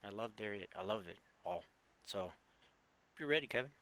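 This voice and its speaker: A man reminiscing in a loose, rambling way, swearing casually and pausing on fillers. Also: fairly low pitch, animated, fairly bright tone. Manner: rambling, profane, halting with fillers. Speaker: co-host of a gaming channel. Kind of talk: casual memorial chat.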